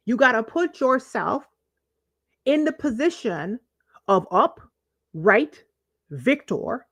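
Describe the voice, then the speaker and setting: A woman's voice: mid-range voice, no echo. A woman hosting a casual livestream, talking straight to her chat with emphatic repeats and asides. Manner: animated, talks to chat, emphatic repetition. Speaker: livestream host.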